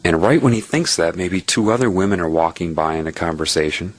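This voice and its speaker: A man's voice: sits low, a little fast. A man giving an earnest spiritual monologue in the form of a personal story, explaining his points step by step and checking in with "right?".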